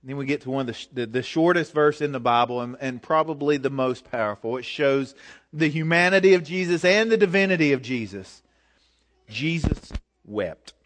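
A man with a high-pitched voice preaches a sermon in a relaxed, conversational way. He drives his points home with emphatic, direct urging. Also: fast talker.

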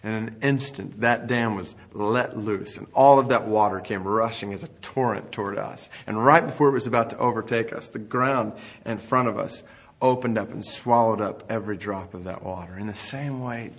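A man delivers a sermon in a low, husky voice. He speaks earnestly and builds intensity as he goes. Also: moderate pace. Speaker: preacher.

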